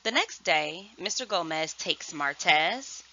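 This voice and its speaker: A woman first grade teacher giving a virtual lesson, speaking slowly and enunciating clearly. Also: lowish voice, lively intonation, sharp tone. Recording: dull lo-fi sound.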